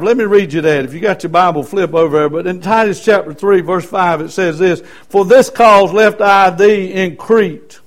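A middle-aged man preaching a Baptist sermon with emphatic repetition. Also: sits high. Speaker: Baptist pastor.

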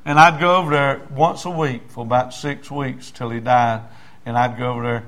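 A man's voice: mid-range voice, fairly even intonation, normal speed, a bit bright. A man, preaching and telling a story in a folksy way, full of "I said, he said" and building to fervent emphasis. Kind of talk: testimony story in a sermon.

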